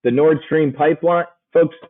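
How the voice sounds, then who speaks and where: A man's voice: fairly high pitch, steady tone, moderate pace. A man coaching an options-trading webinar in a brash, joking, casual way. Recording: tinny phone-like audio.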